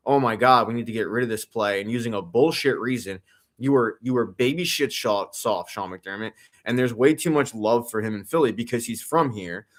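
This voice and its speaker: A man's voice: mid-range voice, a bit bright. A young man hosting a live football watch-along, ranting in a profane, sarcastic way and answering chat comments.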